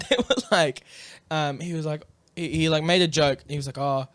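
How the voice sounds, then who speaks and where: A man's voice: fairly high pitch, moderate pace, no echo. A man co-hosting a podcast in a studio, chatting casually, acting out funny bits and laughing often. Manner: animated storyteller, laughs often, acts out bits. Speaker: podcast co-host. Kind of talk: casual chat.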